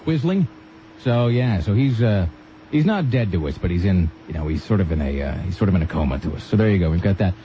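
Male talk radio host, quick, sarcastic, lo-fi with faint hiss. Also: low-pitched. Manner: rambling, sarcastic, animated impressions. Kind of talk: casual radio banter.

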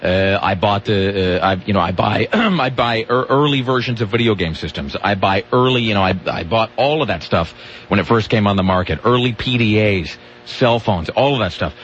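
A man hosting a radio show, chatting casually in a rambling, animated way. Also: lowish voice, normal speed, a little hiss or hum. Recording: muffled lo-fi radio broadcast.

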